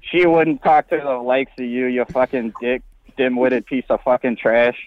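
A man's voice: mid-range voice, fairly even intonation, normal speed, no room sound, lo-fi sound. A man calling in, trading profane trash talk over the phone. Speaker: caller on a prank line.

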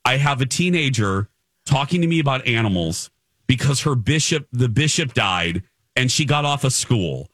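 A man's voice: medium pitch, normal speed, no room sound. Exasperated male radio storyteller. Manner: animated, exasperated storytelling with many restarts. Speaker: radio show host. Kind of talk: comic storytelling on a radio talk show.

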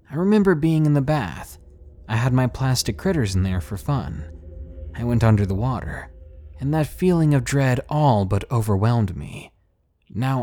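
Expressive man narrating a scary story. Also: mid-range voice. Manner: expressive, dramatic, slowing for suspense. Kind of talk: scripted first-person horror story narration.

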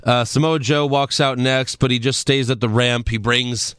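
A man's voice: mid-range voice, fairly even intonation, normal speed, a bit bright, smooth, no room sound. A man talking casually with a co-host, recapping events in a laid-back, matter-of-fact voice. The sound is dry and close, with no room around it. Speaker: podcast co-host recapping wrestling. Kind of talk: casual chat.

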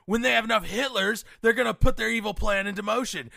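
A bellowing, paranoid radio conspiracy ranter, as a man puts him on for a comedy bit. The voice sits high and grinds with heavy gravel, bright and pushed forward, recorded close and dry. He hectors his listeners nonstop. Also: fast talker, dry recording, exaggerated voice. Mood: frantic ranting. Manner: frantic hectoring rant, keeps yelling "folks" and "wake up". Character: ranting paranoid middle-aged male conspiracy radio host. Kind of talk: comedy parody rant.

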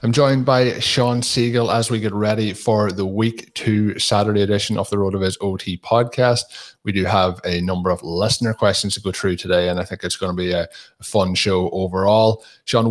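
Deep-voiced Irish man hosting a podcast. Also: steady tone, moderate pace. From Ireland. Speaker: podcast host. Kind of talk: casual podcast chat.

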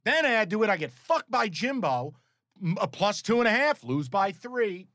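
A man's voice: high-pitched, very animated, normal speed, bright, forceful tone, no room sound, studio quality. A man co-hosting a sports betting podcast, telling stories in a profane, exasperated way. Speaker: podcast co-host. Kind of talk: casual sports betting chat.

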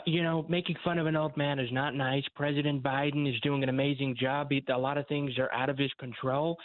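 A man's voice: on the high side, no room sound. Earnest man caller over a phone. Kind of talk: call-in radio talk. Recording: tinny phone line.

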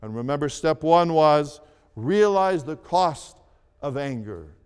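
Slow, deliberate preaching man in a hall. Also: on the high side, animated, darkish tone, clear, resonant tone. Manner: slow, deliberate preaching with repeated phrases and emphatic rises. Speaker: pastor. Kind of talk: sermon. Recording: long reverb of a large hall.

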